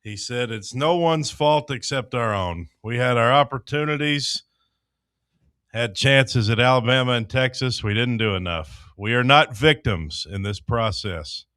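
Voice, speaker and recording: A man's voice: mid-range voice, unhurried, a bit bright, no room sound. A man co-hosting sports radio, reading the headlines in a dry, unimpressed manner. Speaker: news segment co-host.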